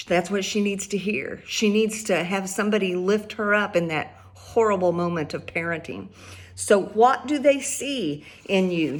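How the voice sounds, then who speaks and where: A middle-aged woman and mother of five giving earnest, conversational parenting advice, often repeating her points and laughing lightly. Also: mid-range voice. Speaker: parenting speaker.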